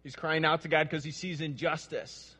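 A man's voice: fairly high pitch, fairly even intonation, moderate pace, sharp tone, breathy edge, in a large hall. A man preaching a sermon, reading scripture aloud and putting questions to his listeners, often repeating words as he goes. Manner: earnest, repeats words, asks the audience questions.

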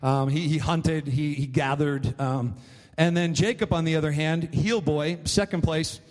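A man's voice: a little high, fairly even intonation, a little slow, long reverb tail. A man preaching a sermon, retelling a story in a loose, rambling way full of fillers. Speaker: pastor.

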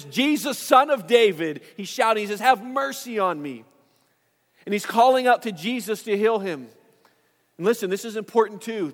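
Male pastor, higher pitch, chatty sermon delivery with retold scenes, in a reverberant hall. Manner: conversational preaching with retold Bible dialogue.

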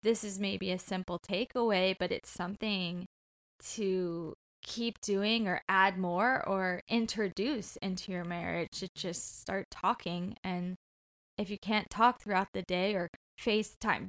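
A woman's voice: mid-range voice, a bit bright. A woman in a mid-range voice co-hosts a casual podcast. She speaks earnestly and reflectively, with an easy, conversational flow. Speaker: podcast co-host.

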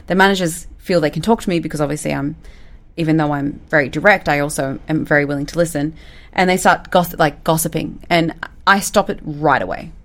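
Direct woman coach, lowish pitch, lively casual advice delivery. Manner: direct and animated, acts out quoted lines. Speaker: business coach and recruitment firm owner.

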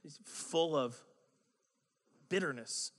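A man preaching a sermon in a conversational, animated way, with joking asides. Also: fairly high pitch, slow, big-room sound.

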